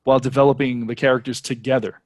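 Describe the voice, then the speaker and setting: A man co-hosting a casual podcast, giving his opinions in a relaxed flow dotted with filler words. His voice sits at an ordinary middle pitch and sounds dry and close to the mic, with no room echo. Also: fast. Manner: animated, opinionated, many "you know" fillers. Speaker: podcast co-host. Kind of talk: casual chat.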